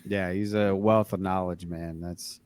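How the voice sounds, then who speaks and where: Low-voiced laid-back man chatting. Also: steady tone, unhurried, darkish tone, smooth. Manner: laid-back, easygoing slang-heavy talk. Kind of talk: casual podcast chat.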